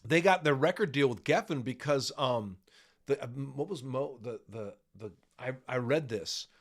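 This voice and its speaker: A man co-hosting a casual music podcast, talking in a rambling, animated way with many restarts. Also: medium pitch, normal speed. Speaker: podcast co-host.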